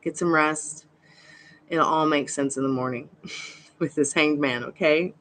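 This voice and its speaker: With slight background noise, a woman hosts a live tarot reading stream, greeting viewers by name in a chatty, reassuring manner. Her voice is low and fairly even in intonation, at a moderate pace.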